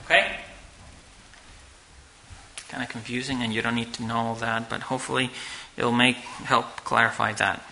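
A man teaching a class on church music from slides, talking haltingly and checking in with "okay?" often. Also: mid-range voice, flat delivery, vocal fry, sharp tone, slight background noise, low-quality recording. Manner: halting, restarts and fillers, asks "okay?" often. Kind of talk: slide-based lecture.

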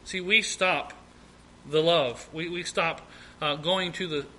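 A man's voice: a little high, steady tone, takes it slowly, sharp tone, slight background noise, low-quality recording. A man preaching a Bible teaching sermon, reading scripture aloud and commenting on it with frequent restarts and repeated words.

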